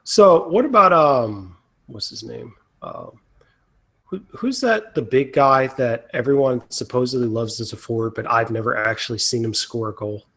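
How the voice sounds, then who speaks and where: A man's voice: medium pitch, animated, normal speed, vocal fry, fairly bright tone, breathy edge. A man hosting a casual sports podcast, asking questions and teasing his guest. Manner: teasing, asks questions, gropes for names. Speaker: podcast host.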